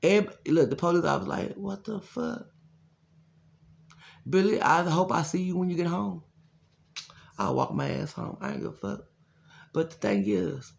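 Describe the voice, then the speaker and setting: Gravelly, blunt, profane man ranting. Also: medium pitch, lo-fi sound. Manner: blunt, loud and profane, with animated quoted voices. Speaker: life coach. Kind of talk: casual profane storytelling rant.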